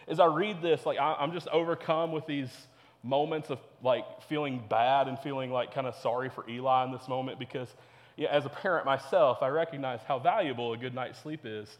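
A man's voice: medium pitch, brisk, in a large hall. A young man preaching a sermon to teenagers as a youth pastor, earnest and repetitive. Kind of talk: sermon to teens.

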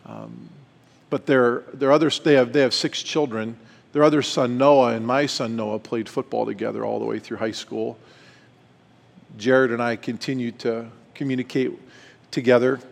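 A man's voice: medium pitch, fairly even intonation, moderate pace, vocal fry. A middle-aged man speaking at a retreat, telling a personal story and acting out the dialogue with animation. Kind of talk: storytelling talk. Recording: long hall reverb.

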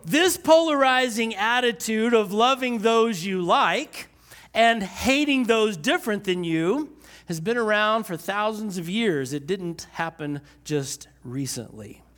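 A man preaching a sermon, slowing down to stress key lines and using dry sarcasm. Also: high voice, animated, a bit bright.

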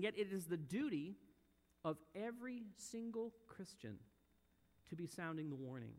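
A man preaching a sermon in a church, earnest and building to loud, emphatic peaks. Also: high-pitched, lively intonation, moderate pace. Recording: long hall reverb.

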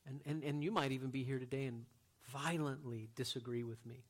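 A man preaching a sermon as a pastor, earnest, moving from loud emphatic lines to quiet, hushed ones. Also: medium pitch, fairly even intonation, fairly quick.

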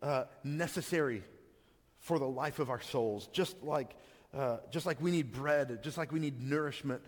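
A man's voice: medium pitch, moderate pace, big-room sound. A man giving a sermon as a pastor, talking in a conversational way with frequent stammered restarts.

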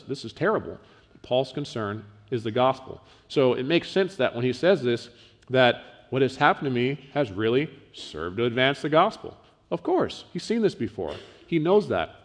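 A man delivers a sermon in an easygoing, plainspoken manner, peppered with asides and fillers. His voice sits at an ordinary middle pitch. The sound carries a long reverb, as if in a large hall. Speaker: pastor.

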